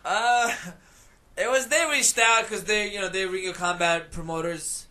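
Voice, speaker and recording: A man's voice: high voice, fairly even intonation, unhurried, sharp tone. A man who fights professionally, chatting as a podcast guest in a rambling way with lots of fillers and laughter. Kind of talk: casual chat.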